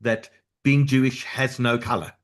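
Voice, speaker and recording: A man's voice: medium pitch, fairly even intonation, measured pace. A man hosting an interview, speaking in a conversational, reflective way. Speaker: host.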